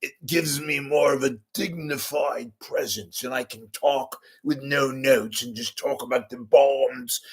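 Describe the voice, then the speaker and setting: A man putting on a self-important foreign correspondent with a mock British accent, reporting in slow, grave, measured phrases. The voice sits a little higher than an everyday speaking voice and sounds deliberately dignified. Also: fairly bright tone. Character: pompous fake British male war correspondent.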